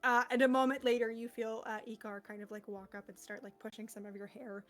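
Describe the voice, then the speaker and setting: A woman's voice: on the high side, flat delivery, brisk. Chatty woman game master. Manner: chatty, many fillers. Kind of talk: narrating a tabletop game.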